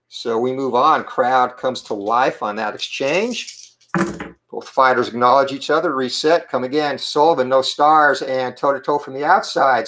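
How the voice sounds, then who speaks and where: A man with a slightly hoarse morning voice, giving play-by-play commentary on a tabletop boxing game and calling out each roll in short clipped phrases. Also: mid-range voice, fairly bright tone. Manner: calls each dice roll and punch count in quick clipped phrases.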